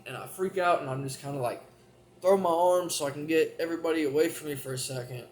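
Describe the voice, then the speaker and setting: A man's voice: a little high, fast talker. A man telling a personal story straight to camera in a rambling, profane way, full of restarts. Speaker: vlogger.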